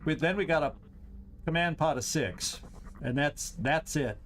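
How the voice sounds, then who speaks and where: A man hosting a game stream, thinking aloud through his moves, tallying enemies and cheering loudly at big shots. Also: fairly high pitch, a little slow, a little hiss or hum. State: has the hiccups. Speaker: host. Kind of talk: gameplay commentary.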